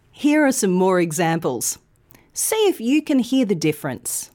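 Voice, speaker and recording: A woman hosting a podcast, giving a clear, carefully articulated English pronunciation lesson. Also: medium pitch, big pitch swings, measured pace, darkish tone. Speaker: language podcast host.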